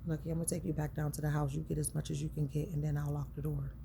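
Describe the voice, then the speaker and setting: A woman telling her own story slips into a constable's voice, hushed and steady. He speaks low and firmly, with a sorry undertone, as he gives the order. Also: brisk, background noise. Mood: firm, apologetic. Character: male constable, calm and firm.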